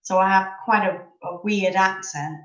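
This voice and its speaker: A woman's voice: medium pitch, steady tone, moderate pace, fairly bright tone, roomy sound, highs cut off. A woman in her thirties from England, chatting casually and rambling a little as she hosts a live chat over coffee. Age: 30s.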